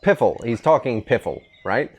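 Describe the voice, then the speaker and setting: His mid-range voice is slightly rough and very animated, moving at a moderate pace. The middle-aged man hosts a veranda podcast with his son, telling rambling, easygoing stories with frequent restarts in a casual father-son conversation.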